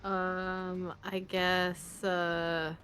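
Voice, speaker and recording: A woman playing a tabletop game, speaking hesitantly with many pauses and fillers. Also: fairly low pitch, level tone, a bit bright, faint music behind. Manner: hesitant, many ums and uhs. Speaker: player. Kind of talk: casual tabletop play.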